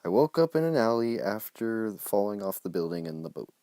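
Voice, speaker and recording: A bewildered young rich boy turned hobo, read out by a man, telling his tale in earnest, flustered bursts. The voice sits a bit lifted over a low base. The sound is dry. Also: big pitch swings, a little fast, dark tone, dry recording.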